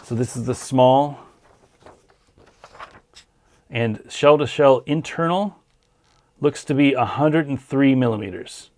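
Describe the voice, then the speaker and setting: Tired guy hosting a stream q&a, gravelly voice, lots of ums, voice wearing out. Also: mid-range voice, unhurried, a little mellow. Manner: easygoing, hesitant with many ums. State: tired, losing his voice. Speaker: host answering viewer questions. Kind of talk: casual livestream Q&A.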